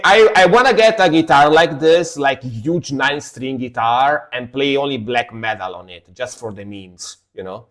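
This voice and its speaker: A man's voice: fairly high pitch, fairly bright tone. A man streaming live, reacting to metal music in casual commentary and humming along to riffs. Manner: chatty, scats along to the music.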